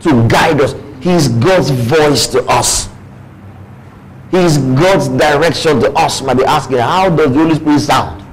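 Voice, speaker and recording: A pastor with a Nigerian English accent, preaching a sermon in church, with playful asides and acted-out quoted voices. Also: male voice, a little high, unhurried, breathy edge, poor audio.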